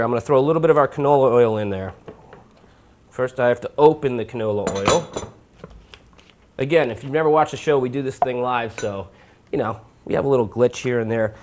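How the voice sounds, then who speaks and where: Chatty man hosting a live cooking show. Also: mid-range voice. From New York. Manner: chatty, informal, talks while cooking. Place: home kitchen.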